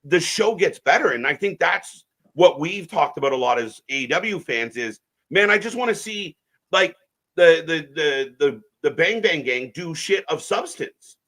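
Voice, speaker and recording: A man's voice: on the high side, animated, unhurried, fairly bright tone. A man co-hosting a live wrestling watch-along stream, giving opinionated, rambling takes with frequent restarts.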